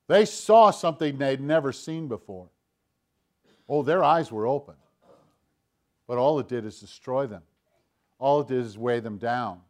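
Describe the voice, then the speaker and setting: Man preaching with loud and hushed swings. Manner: preaching with big swings between loud emphatic lines and hushed low asides; acts out Satan's voice in quoted lines. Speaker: pastor. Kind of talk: sermon.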